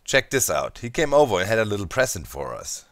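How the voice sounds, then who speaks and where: A man with a German accent hosting a gaming video, talking to viewers in an animated, playfully scheming way. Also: fairly low pitch, fairly quick, dry recording, clean studio sound. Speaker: Minecraft let's play host. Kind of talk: gaming commentary.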